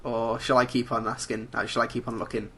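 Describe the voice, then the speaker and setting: A man's voice: medium pitch, flat delivery, a little fast, a bit bright, a little hiss or hum. A man from England co-hosting a podcast over a call, dry and teasing as he reads out listener questions. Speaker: podcast co-host. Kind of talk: casual podcast chat. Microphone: remote call.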